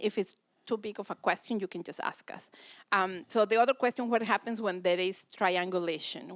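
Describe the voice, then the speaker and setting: A woman's voice: medium pitch, fairly bright tone, no echo. A woman giving a practical, direct parenting talk at a church seminar. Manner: direct, practical, acts out family dialogue. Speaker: speaker at a parenting session.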